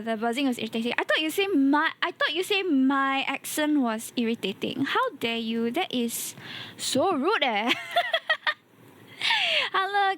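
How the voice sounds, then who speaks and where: A woman's voice: high voice, a bit bright. A young woman with a Singaporean English accent, chatting casually on her live stream as a VTuber, exclaiming often and laughing easily, a bit tired today.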